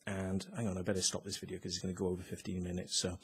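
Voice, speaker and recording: A man's voice: deep voice, flat delivery, racing, slightly rough. A man, casually retelling a run-in on his own video, emphatic and swearing now and then. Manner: emphatic, tag questions, swears. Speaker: vlogger. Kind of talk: casual storytelling to camera.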